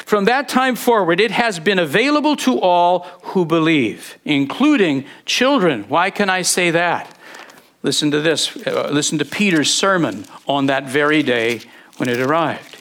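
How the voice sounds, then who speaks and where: High-voiced man preaching a sermon. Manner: earnest, rising to loud fervent scripture quotes.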